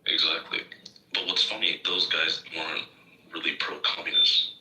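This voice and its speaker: A man's voice: extremely low pitch, little pitch movement, moderate pace, pushed and bright. A young man in casual chat, explaining history with easy confidence and lots of fillers, heard on a roomy, distant mic.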